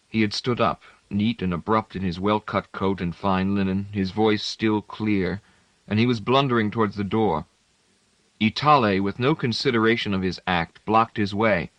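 A man reads literary fiction aloud in a measured, steady way. His voice sits on the low side. The recording is dry, with no room sound. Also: no room sound. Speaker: audiobook narrator. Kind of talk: scripted narration.

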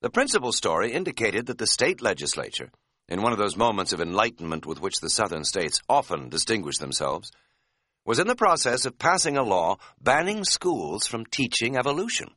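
A man narrating an audiobook in a wry, deadpan way. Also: fairly low pitch, a little fast, dry recording, clean studio sound.

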